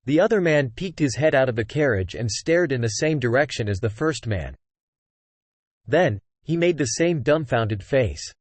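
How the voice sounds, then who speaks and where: A man's voice: medium pitch, animated, moderate pace, a little mellow, dry recording. Synthetic male novel narrator. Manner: reads punctuation marks aloud. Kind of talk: text-to-speech novel narration.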